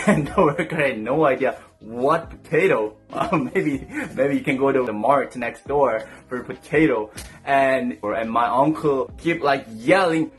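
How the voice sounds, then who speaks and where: Animated Korean-accented young man telling stories. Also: a little high, moderate pace, over music. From South Korea. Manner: animated, laughing storyteller acting out quotes. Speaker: vlogger. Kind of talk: storytime vlog.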